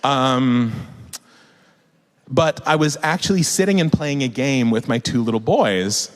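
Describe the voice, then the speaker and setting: A man, an author and guest speaker, telling a funny story to a live audience in a large hall, lively and laughing as he swears. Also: medium pitch, measured pace. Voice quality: animated, lively delivery with frequent laughs and swearing.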